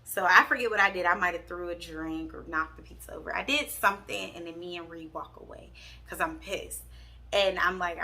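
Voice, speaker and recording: A young woman from Pittsburgh tells a storytime vlog with candid, sassy energy, talking straight to her viewers. Her voice has a bright, forceful edge with a gravelly fry underneath. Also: lowish voice, brisk. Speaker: vlogger.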